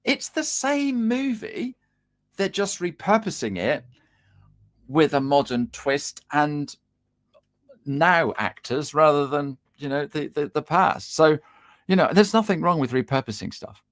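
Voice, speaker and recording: A man coaching on a video call from a room at home, talking in a lively, animated way. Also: fairly high pitch, a little slow. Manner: lively, animated, acts out little dialogues. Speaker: LinkedIn coach, guest. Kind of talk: casual video-call chat. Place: home room with guitars on the wall.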